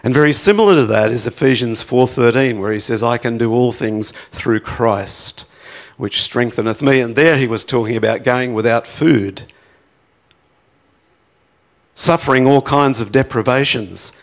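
A man preaching a sermon, rising to impassioned pleading peaks and then dropping to a quiet, reflective tone. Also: mid-range voice, normal speed. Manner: acts out prayers in a pleading voice.

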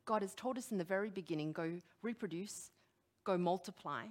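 A middle-aged woman preaching a sermon, animated and emphatic, putting direct questions to her listeners. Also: lowish voice, fairly quick.

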